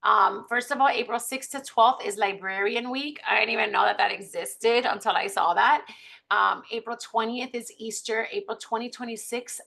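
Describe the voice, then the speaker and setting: A woman's voice: medium pitch, vocal fry, sharp tone. Chatty upbeat woman leading a team. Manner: chatty, upbeat, many fillers. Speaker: team leader of beauty consultants. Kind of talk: casual training chat.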